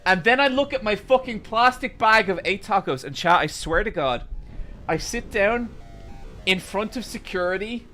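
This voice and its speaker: High, bright-voiced man telling a profane story. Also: lively intonation, normal speed, soft background music. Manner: rambling, profane, exasperated. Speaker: streamer. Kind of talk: casual storytelling to stream chat.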